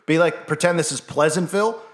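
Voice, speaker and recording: A man hosting a vlog, ranting in an animated, sarcastic way and talking straight to his viewers. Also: on the high side, fairly quick. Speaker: vlog host. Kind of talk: casual ranting monologue.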